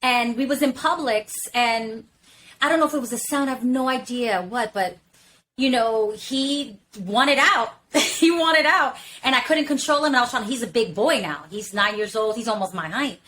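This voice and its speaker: A woman's voice: fairly high pitch, fairly quick, fairly bright tone, a little hiss or hum, rough recording. A woman talking candidly on a podcast, emphatic and swearing freely, leaning on fillers like "literally" and "you know what I'm saying". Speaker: podcast talker. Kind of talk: casual podcast discussion.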